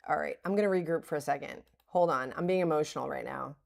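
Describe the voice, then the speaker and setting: Talking through her trades live on stream, a middle-aged woman uses a low, gravelly, slightly mellow voice at a quick pace. She thinks aloud, criticizes herself frankly and laughs things off now and then.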